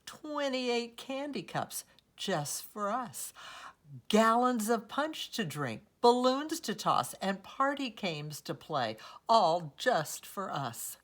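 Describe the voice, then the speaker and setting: A woman voicing an eager, warm-hearted young schoolgirl from a storybook, bright and exclamatory. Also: fairly high pitch, sing-song, slow pace, few pauses, pitched above the performer's own voice, full character voice. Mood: exuberant.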